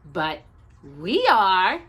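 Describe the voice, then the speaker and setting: A woman's voice: medium pitch, big pitch swings, drawn-out words, a bit bright, slightly rough, exaggerated voice. A woman voicing a hungry witch sister who sniffs out children, sly and relishing her words. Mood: gleeful menace.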